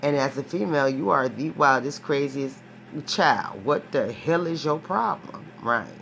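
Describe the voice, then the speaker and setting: A tarot reader with a deep, low, creaky voice unhurriedly talks through a casual reading, rambling and profane, emphatic and animated. She restarts often, circles back on her own phrases, and keeps ending with a questioning "right?" A faint hiss sits in the background.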